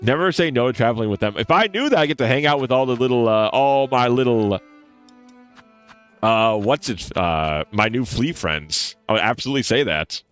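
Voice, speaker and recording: A man giving casual, playful commentary while streaming a game, excitable and swearing casually. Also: medium pitch, moderate pace, clean tone, faint music behind.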